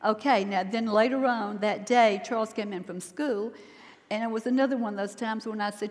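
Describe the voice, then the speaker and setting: A woman's voice: on the high side, steady tone, fairly quick, a little mellow. An older woman sharing an earnest, emotional personal testimony in a church setting. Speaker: minister's wife sharing testimony. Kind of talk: sermon testimony. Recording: long hall reverb.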